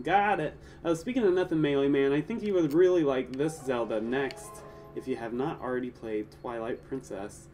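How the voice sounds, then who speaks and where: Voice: medium pitch, animated, normal speed, a little mellow, far from the mic, a little hiss or hum. A gaming streamer giving casual live gameplay commentary, joking around, chatting to viewers and making goofy sound effects. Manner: playful and jokey, chatting to viewers.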